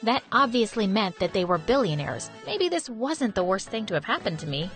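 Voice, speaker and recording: A young woman from Turkey tells her animated story in a lively, expressive, conversational way. Her voice sits at a middle pitch. Soft music plays faintly underneath. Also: normal speed. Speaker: narrator.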